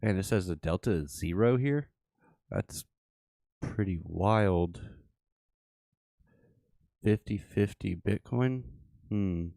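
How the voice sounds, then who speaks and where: Dude rambling over charts on his stream, low voice, slow and unhurried. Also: lively intonation, gravelly, warm tone, no room sound, clean studio sound. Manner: thinking aloud, with fillers and repeated phrases. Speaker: livestream host. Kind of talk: casual live chart commentary.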